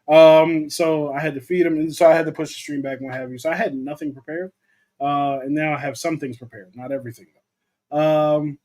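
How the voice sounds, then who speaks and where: Young guy w slightly high voice, loose chatty livestream talk, reading out comments. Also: fairly even intonation, brisk, darkish tone. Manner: loose and chatty, reads comments aloud, lots of fillers. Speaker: co-host of a movie talk livestream. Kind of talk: casual livestream chat, reading viewer comments.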